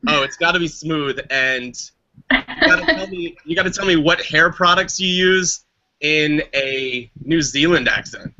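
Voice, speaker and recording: An American man guest on a casual live panel chat, playful and quick. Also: on the high side, pushed and bright, lo-fi sound. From United States.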